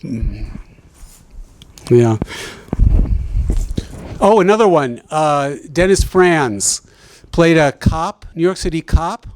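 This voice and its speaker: A man's voice: on the high side, lively intonation, slow pace, pauses often, darkish tone. A man, a sociolinguist, answering a question at an academic symposium in a chatty, wry way with frequent self-interruptions. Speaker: sociolinguist guest speaker.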